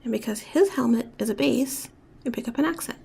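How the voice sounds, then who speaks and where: A woman giving a step-by-step beading tutorial, talking softly and often dropping to a whisper as she works. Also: a little high, brisk, gravelly, husky. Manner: soft-spoken, often drops to a whisper while working.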